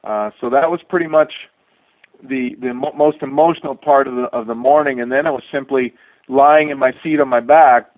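A middle-aged man, a former astronaut, telling a relaxed, wry anecdote with a dry sense of humor and many fillers. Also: medium pitch, normal speed, dry recording. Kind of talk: storytelling anecdote. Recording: tinny dry phone-like line.

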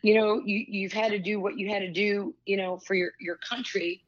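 A woman in her sixties, a former pro basketball player and broadcaster, speaks as an interview guest in a mid-range voice at a moderate pace, and the audio is dull. An animated storyteller, she shares candid stories with lots of asides and restarts.

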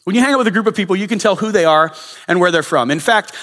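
A man's voice: high-pitched, expressive, rapid-fire, a bit bright. A male pastor giving a sermon in a casual storytelling way, with frequent filler uhs. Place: church sanctuary. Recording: long reverb of a church hall.

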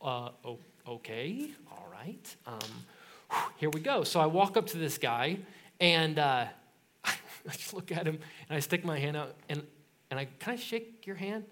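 A man's voice: a little high, sing-song, measured pace, fairly bright tone. A middle-aged man preaching a sermon as pastor, telling stories animatedly with laughs and acted-out quotes.

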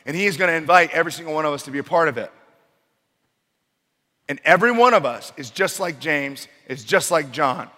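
Animated preacher in an echoing hall. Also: male voice, on the high side. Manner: animated storytelling, dramatic voice shifts. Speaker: pastor. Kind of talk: sermon. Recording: long hall reverb.

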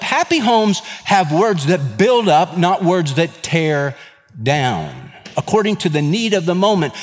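Pastor preaching in a reverberant hall. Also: male voice, sits high. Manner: conversational, joking asides, earnest exhortation. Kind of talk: sermon. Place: church sanctuary. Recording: long reverb of a large hall.

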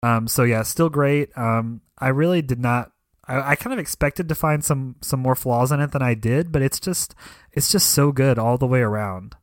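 A man in relaxed, enthusiastic casual chat as a podcast co-host. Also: mid-range voice, moderate pace, no echo, clean studio sound.

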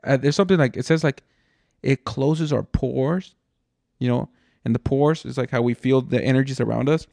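A man's voice: mid-range voice, moderate pace, gravelly, a little mellow, no room sound. A man from Mexico, a podcast host, telling a rambling story in casual chat, swearing and saying "dude" a lot. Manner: rambling and profane, says "dude" often.

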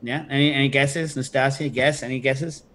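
A middle-aged man hosting a casual chat, telling stories with lively energy and jumping into loud, high-pitched imitations. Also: moderate pace. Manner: animated storyteller, leaps to high shouted imitations. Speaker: podcast host.

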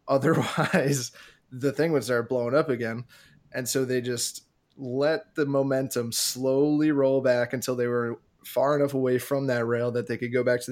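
A man, co-hosting a podcast, telling a long story in a casual way and acting out his own panic. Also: medium pitch. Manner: animated, acts out his own panic in a raised voice. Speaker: podcast co-host.

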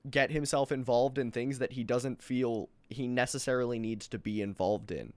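A man in casual chat who explains his points in a measured way. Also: mid-range voice, steady tone.

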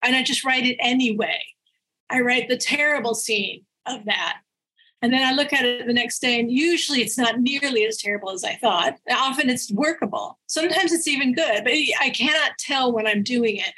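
Guest spot: woman writer, slightly high and husky, lively anecdotal delivery with frequent laughs. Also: normal speed, rough recording. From United States. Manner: animated, laughs often mid-sentence. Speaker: author guest. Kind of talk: casual interview storytelling.

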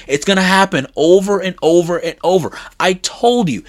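A man's voice: on the high side, normal speed, a bit bright, dry recording. Insistent man, dry close sound. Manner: emphatic, repeats "okay?" for stress; insistent, rising in intensity. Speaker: political commentator. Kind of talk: opinion monologue.

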